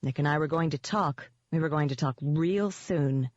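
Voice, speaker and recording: An audiobook narrator reading a first-person novel in a steady, measured way. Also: mid-range voice, no room sound. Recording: dull, dry lo-fi audio.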